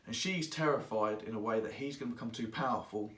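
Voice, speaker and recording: A man reviewing a book in casual, rambling speech, excitable and quick to act out the characters. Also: medium pitch, distant mic. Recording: echoey room, voice away from mic.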